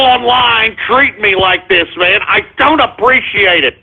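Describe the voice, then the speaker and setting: A male radio host with a high-pitched, breathy voice delivers a call-in monologue, unhurried yet with few pauses. Stammering and exasperated, he pleads with listeners, calling them folks and repeating himself. The audio is narrow and tinny.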